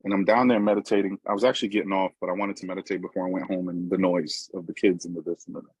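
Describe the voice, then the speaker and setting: A man's voice: low voice, level tone, rapid-fire, darkish tone, breathy edge, dry recording, low-quality recording. A middle-aged man from New York with a New York accent, giving a personal recovery talk in a conversational storytelling way with frequent asides to listeners. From New York, USA. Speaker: recovery meeting speaker.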